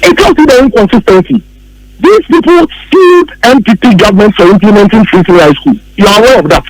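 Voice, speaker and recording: Ghanaian male radio pundit, high voice, emphatic and argumentative, faint noise behind. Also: lively intonation, a little fast, poor audio. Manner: emphatic, argumentative, repeats points. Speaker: political commentator. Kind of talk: radio political talk.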